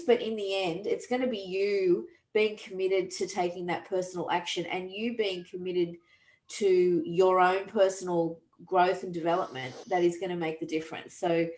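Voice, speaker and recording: Her voice is on the low side with a darkish tone as this podcast host and coach speaks earnestly and reflectively, restarting frequently. It's conversational coaching talk, recorded with a roomy echo.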